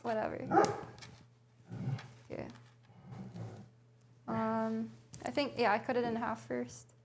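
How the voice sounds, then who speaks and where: A woman's voice: fairly high pitch, flat delivery, slow, vocal fry, a little hiss or hum. A young woman livestreaming from a home kitchen, casually chatting and thinking aloud as she reads a recipe to her viewers. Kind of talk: casual cooking stream chat.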